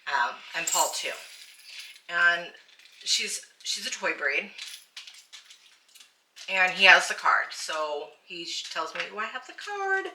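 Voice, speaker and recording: A woman hosting a casual chat, telling a story in an animated, excitable way. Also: fairly low pitch, takes it slowly, long pauses. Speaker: channel host. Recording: roomy, distant and noisy.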